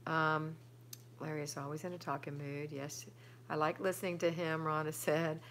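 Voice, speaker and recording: A woman's voice: sits low, level tone, moderate pace, background noise. A middle-aged woman, hosting a casual live stream at home and chatting as she reads viewer comments aloud and answers them. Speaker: livestream host reading viewer comments.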